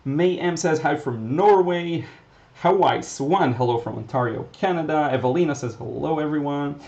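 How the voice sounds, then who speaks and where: A man's voice: a little high, moderate pace, vocal fry, dull audio. Israeli-accented man teaching watercolor live. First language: Hebrew. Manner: relaxed, thinking aloud, with fillers and restarts. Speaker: watercolor instructor. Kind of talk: casual livestream teaching and chat Q&A.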